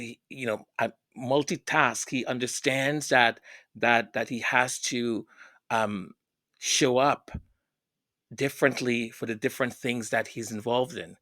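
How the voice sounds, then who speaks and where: Emotional, stammering man vlogger, slow. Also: medium pitch, fairly even intonation, fairly bright tone, no echo, clean studio sound. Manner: emotional, tearful, many stammered repeats. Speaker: host of a fan news channel. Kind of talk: casual vlog commentary.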